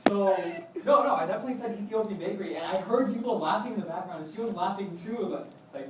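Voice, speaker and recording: A young man tells a story in a casual, rambling way, jumping into quoted voices as he goes. His voice sits a little high. He sounds far from the mic in a very echoey room with faint background noise. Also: quick pace. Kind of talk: casual spoken anecdote.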